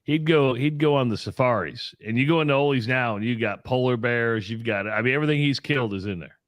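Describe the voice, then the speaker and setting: A man's voice: mid-range voice, quick pace, no echo, clean studio sound. A man co-hosting a casual call-in radio show, chatty and laughing often as he tells stories.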